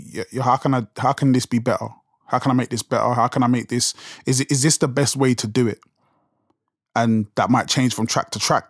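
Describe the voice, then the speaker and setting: A man's voice: medium pitch, no echo. Young london guy just chatting, lots of restarts, dead dry room. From England. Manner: conversational, rambling with many restarts and fillers. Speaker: podcast host and rapper. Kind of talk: casual solo talk.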